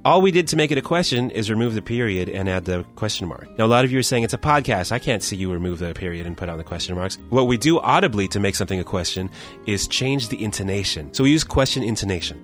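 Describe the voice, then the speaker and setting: A low-pitched man teaching on a podcast, explaining question formation step by step and ribbing his co-host. Soft music plays faintly under his voice. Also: animated, fast. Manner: explanatory, playful teasing. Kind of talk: scripted language lesson banter.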